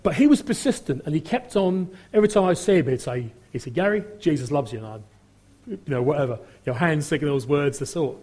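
A middle-aged man shares his testimony in a mellow, husky voice that sits a little high for a man. He rambles with plenty of ums and acts out the voices of people he quotes. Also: expressive, a little fast. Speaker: testimony speaker. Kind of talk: personal testimony storytelling.

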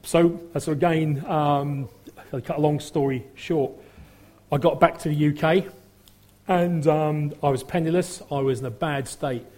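A man's voice: a little high, steady tone, a little slow, darkish tone. A middle-aged man giving a rambling personal testimony full of fillers, acting out the voices he quotes. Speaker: testimony speaker.

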